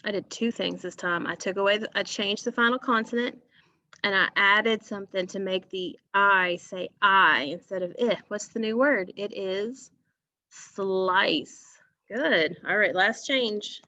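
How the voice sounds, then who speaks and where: A woman teacher leading a phonics lesson for young children, speaking slowly and deliberately, stretching out words and praising the class often. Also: medium pitch, pushed and bright, no echo, highs cut off. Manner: slow, deliberate, encouraging, stretches words for emphasis.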